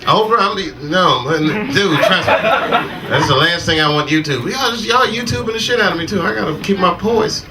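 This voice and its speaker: A man's voice: high-pitched, lively intonation, a little fast, very noisy. An American man doing stand-up comedy in a basement club, profane, teasing the crowd and laughing often. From United States. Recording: distant live mic with a loud crowd.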